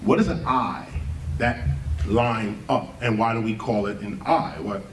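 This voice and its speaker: A man's voice: lowish voice, measured pace, noisy background. A man giving a spoken lecture, emphatic, firing off rhetorical questions and spelling words out letter by letter. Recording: roomy, distant mic, faint background ambience.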